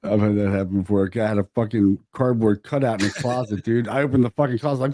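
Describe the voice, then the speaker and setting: A man co-hosting a podcast in casual chat, a profane and animated storyteller who acts out his own reactions. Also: lowish voice, fast talker, hardly any pauses. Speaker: podcast co-host.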